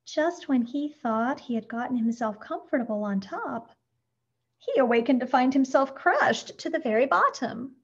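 A woman reads a children's picture book aloud with gentle expression. Her voice sits a little high. The recording is dull and lo-fi. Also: animated, normal speed, breathy edge. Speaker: storyteller. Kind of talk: scripted storybook narration.

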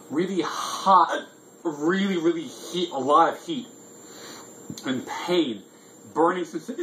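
Drunk man, casual vlog host, rambling, profane, slightly raised pitch. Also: fairly bright tone, slight background noise, rough recording. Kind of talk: casual chat.

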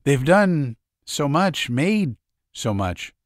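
A man's voice: on the high side, sing-song, very slow, no room sound, clean studio sound, pitched above the performer's own voice, exaggerated voice. A man voicing a young woman, hesitant and shaken, in a raised, thin voice. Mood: troubled.

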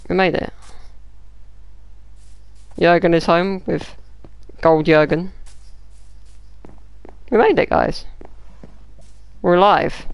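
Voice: medium pitch, vocal fry, clear, resonant tone, no echo. A gaming YouTuber, giving casual gameplay commentary, muttering to themself, swearing and throwing out mock-dramatic taunts.

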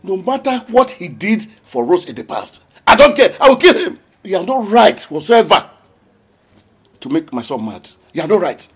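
An actor with a Nigerian accent playing a grieving father who accuses and shouts, repeating his words in a film drama. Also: sits high, sing-song, normal speed, husky, exaggerated voice. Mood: grief-stricken rage. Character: grieving, furious father of a stricken son.

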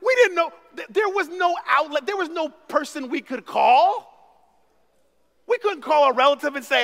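A man preaching a sermon as pastor, telling stories with big swings from hushed to shouting. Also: very high voice, lively intonation, moderate pace. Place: church sanctuary. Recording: long reverb of a church hall.

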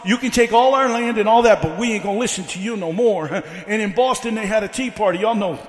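High-pitched preacher in an echoey hall. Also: male voice, brisk. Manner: fiery preaching with repeated "uh" fillers; builds by repeating questions. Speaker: evangelist. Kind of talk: revival sermon.

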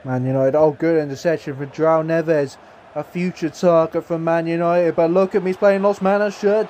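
High-voiced excitable man commentating a game. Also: moderate pace, a little hiss or hum. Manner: excitable, jokey, says literally a lot. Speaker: gaming YouTuber.

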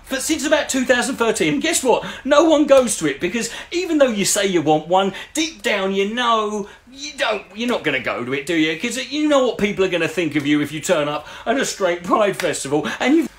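A man's voice: high voice, sing-song, brisk, few pauses. A man doing sarcastic, sweary commentary on comments he reads out, rambling and restarting as he mocks them. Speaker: YouTube commentator.

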